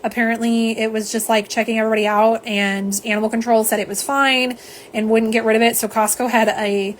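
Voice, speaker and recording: A woman's voice: fairly high pitch, little pitch movement, fairly quick, a little hiss or hum. Chatty woman swatching polish. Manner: chatty, rambling, reads viewer comments aloud. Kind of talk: live unboxing chat. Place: home.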